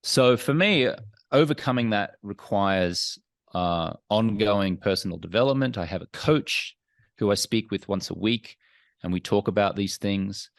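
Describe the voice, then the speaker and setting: A man speaking as a podcast guest, talking frankly and reflectively in a measured, self-examining way. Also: on the low side, lively intonation, vocal fry, no echo. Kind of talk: candid, reflective interview talk.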